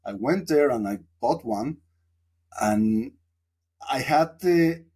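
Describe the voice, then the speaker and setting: Man, podcast guest, mid pitch, rambling, reflective. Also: expressive, takes it slowly, a little mellow, slightly rough. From Mexico. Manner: reflective, rambling with many fillers. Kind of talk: casual storytelling interview.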